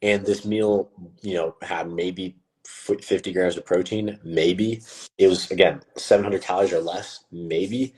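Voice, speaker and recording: Young male fitness coach and stream host, deep voice, lively storyteller. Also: unhurried. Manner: animated, acts out quotes with a rising voice. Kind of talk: casual live-stream storytelling.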